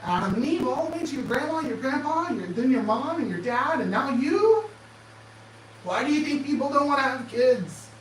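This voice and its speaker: A man giving an animated motivational talk, firing off sarcastic rhetorical questions in a presentation room. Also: very high-pitched, normal speed, slight background noise. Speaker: speaker. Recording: echoey room, distant mic, faint ambience.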